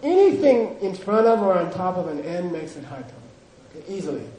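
A man's voice: sits high, sing-song, brisk, mellow. A man teaching a language class, drilling pronunciation and joking with his students. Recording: echoey room with class audience.

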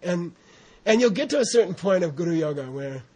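An American man giving an informal Buddhist teaching, rambling and animated, often laughing and saying "you know". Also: high-pitched, fairly quick, husky. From United States. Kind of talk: informal dharma talk.

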